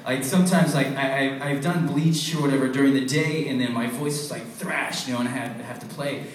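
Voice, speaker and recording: A man's voice: mid-range voice, steady tone, fairly quick. A man, a voice actor on a convention panel, telling rambling stories and laughing often, recorded from afar in a large hall. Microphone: distant from the recording. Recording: echoey hall from far off, loud noise.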